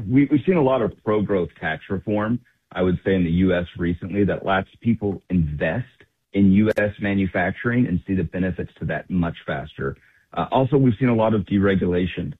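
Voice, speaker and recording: A man who runs a company, a guest on a radio show, speaking in a measured, businesslike way. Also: low-pitched, animated, slightly rough, dry recording. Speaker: company chief executive, guest. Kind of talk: phone interview on talk radio. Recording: tinny phone line.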